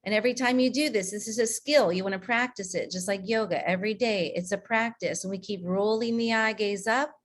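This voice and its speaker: A woman coaching a group through breathing and meditation on a video call, counting breaths slowly and calmly. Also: medium pitch. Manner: slow, calm counting of breaths with pauses. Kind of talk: guided breathing and meditation session.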